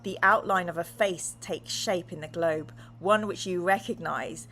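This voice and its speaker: A woman's voice: lowish voice, measured pace, few pauses, fairly bright tone, slight background noise. A woman streamer reading a gamebook aloud to her live chat, playful and dramatic as she chats with viewers. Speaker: streamer and host. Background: music.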